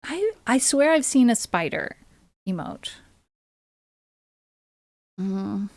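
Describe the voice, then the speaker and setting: A woman's voice: on the high side, big pitch swings, slow pace, darkish tone, no room sound. A woman music streamer chatting casually and playfully with her live viewers between songs. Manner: playful, chatty, talking straight to her audience. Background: her own ukulele.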